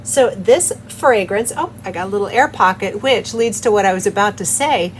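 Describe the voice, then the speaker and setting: A woman's voice: mid-range voice, lively intonation, moderate pace, a little hiss or hum, rough recording. Giggly, cheerful woman soap maker. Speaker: soap maker and channel host. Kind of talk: casual chat while making soap. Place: home soap studio.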